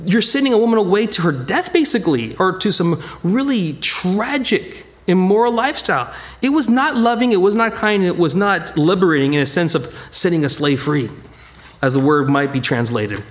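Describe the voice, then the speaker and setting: A middle-aged man, preaching a Bible study sermon in a conversational, animated way and acting out quotes. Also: sits high, brisk. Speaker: pastor teaching a Bible study.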